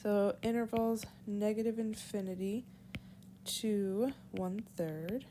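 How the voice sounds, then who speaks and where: A woman teacher giving a whiteboard math lesson, walking through each step slowly and aloud. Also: mid-range voice, fairly even intonation, mellow, a little hiss or hum. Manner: slow, deliberate, walks through steps aloud. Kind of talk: whiteboard lesson explaining calculus.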